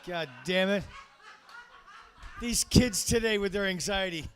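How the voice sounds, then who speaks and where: A man hosting a comedy show, with a loud, crude, rowdy delivery. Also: high voice, measured pace. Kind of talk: stand-up emceeing.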